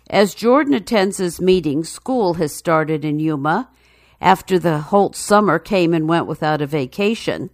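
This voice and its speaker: A woman reading a news feature story in a measured, even narration. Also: fairly low pitch, no room sound, clean studio sound.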